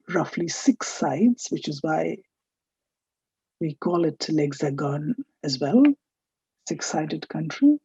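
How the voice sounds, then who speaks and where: A woman's voice: lowish voice, mellow, husky, dry recording, highs cut off. A woman teaching a recorded French lesson, explaining carefully and correcting pronunciation. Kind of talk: recorded online lecture.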